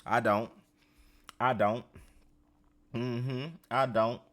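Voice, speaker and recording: A man hosting a podcast, riffing on a reality show in a casual, profane, animated way and talking straight to his listeners. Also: mid-range voice, drawn-out words. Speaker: podcast host.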